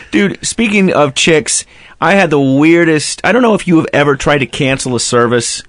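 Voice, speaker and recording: A male talk radio host with a voice pitched a little high, heard close up with no room sound. He tells a profane story in a loose, joking way and mimics both sides of a customer service call. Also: animated, normal speed, a bit bright, no room sound. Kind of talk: casual radio banter.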